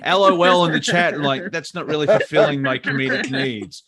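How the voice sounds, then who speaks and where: A man's voice: fairly high pitch, a little fast, over a noisy crowd. A man who co-hosts a live comedy call-in show, a stand-up comedian bantering and laughing easily. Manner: joking, laughing often. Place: Melbourne.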